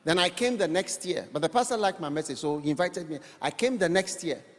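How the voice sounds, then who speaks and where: A man preaching a sermon to a congregation, animated and rhetorical, teasing his listeners with questions. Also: high-pitched, a little fast. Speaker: pastor. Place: church hall. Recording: long church-hall reverb.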